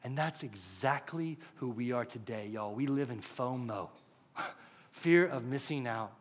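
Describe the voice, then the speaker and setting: A young man preaching a conversational, animated sermon full of stories. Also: mid-range voice, measured pace. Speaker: pastor.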